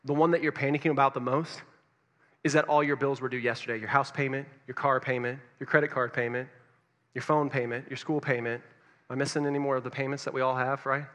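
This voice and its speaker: A man preaching a sermon, telling a story that puts his listeners in it, swinging between loud urgency and hushed near-whispers. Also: medium pitch, little pitch movement, fast, big-room sound. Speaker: pastor.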